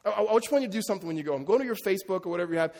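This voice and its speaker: A man's voice: high-pitched, lively intonation, very fast, a little mellow. A middle-aged man preaching a sermon as pastor, conversational and joking with his congregation. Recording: long reverb of a large hall.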